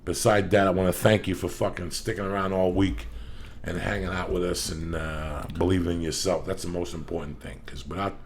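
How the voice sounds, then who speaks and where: Gravelly man ranting profanely. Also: sits low, flat delivery, fairly quick, a little hiss or hum. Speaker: podcast host. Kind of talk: profane comedic rant.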